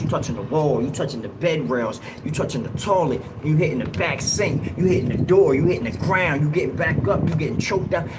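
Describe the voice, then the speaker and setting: A man hosting a livestream, telling a story in a casual, slangy, animated way and acting out what people said. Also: fairly high pitch, very noisy. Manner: animated, slangy, acts out quotes in raised yells. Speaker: livestream host.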